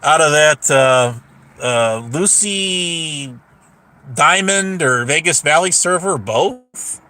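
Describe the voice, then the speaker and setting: Bright-voiced man ranting profanely. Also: on the high side, animated, takes it slowly. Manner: profane, rambling, full of restarts. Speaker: livestreamer. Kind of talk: casual ranting livestream.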